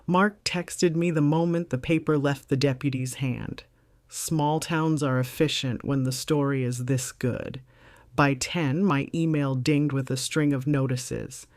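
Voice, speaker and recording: A woman's voice: rumbling low, fairly even intonation, unhurried, a little mellow, dry recording, studio quality. A middle-aged woman narrating her own story in the first person with a composed, wry, reflective delivery.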